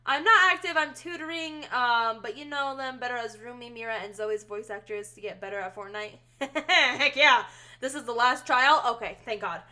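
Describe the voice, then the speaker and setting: A woman's voice: fairly high pitch, normal speed, pushed and bright. A young woman streaming a game live, bubbly and chatty as she thanks viewers and reads the dialogue aloud.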